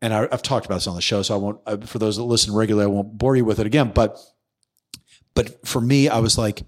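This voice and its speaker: A man's voice: on the low side, steady tone, fast. A man hosting a podcast, telling a story in casual conversation, acting out the voices he quotes and swearing freely. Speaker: podcast host.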